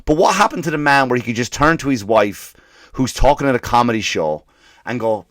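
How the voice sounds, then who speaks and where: A male comedian and podcast host ranting in a profane, animated way, slipping into mock voices for the people he quotes. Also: mid-range voice, brisk, no echo, studio quality. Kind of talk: comedic rant.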